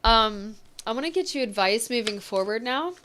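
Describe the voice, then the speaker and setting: A woman giving an emotional, reassuring tarot reading, speaking gently and getting choked up at times. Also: on the high side, expressive, moderate pace, a little hiss or hum. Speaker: tarot reader.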